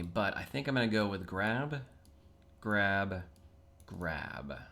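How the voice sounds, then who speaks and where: Male, low-ish register; relaxed self-talk, casual video host. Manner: chatty, self-talking, plain everyday tone. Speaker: chess video creator. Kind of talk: casual thinking aloud while solving puzzles.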